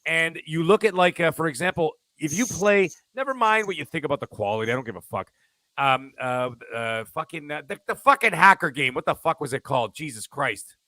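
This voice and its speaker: Man, gaming podcast rant, bright forceful voice, dry close sound, swears a lot. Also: fairly high pitch, brisk, no room sound. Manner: profane, ranting, animated. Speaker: podcast co-host. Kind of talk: casual gaming podcast chat.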